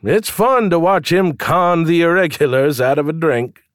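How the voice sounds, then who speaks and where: A man's voice: fairly high pitch, normal speed, smooth, dry recording, studio quality, voice pushed up, close to an everyday voice. A man voicing a male tavern barkeep who teases and mocks the customers. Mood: teasing. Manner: teasing, amused.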